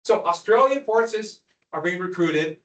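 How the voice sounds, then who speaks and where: A man's voice: high-pitched, expressive, a little slow, a bit bright, rough recording. A man teaching a history class over maps and slides, chatty, with asides and rhetorical questions to his students.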